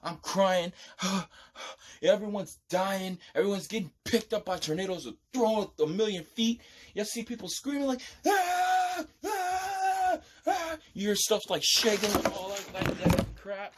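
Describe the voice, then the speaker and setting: A man rambling excitedly through a dream he had, acting out screams and humming a tune, with occasional low-voiced rapping. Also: normal speed, a little hiss or hum. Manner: animated, breathless, acts out screams and hums a tune; raps in a low steady voice. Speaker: vlogger recounting a dream.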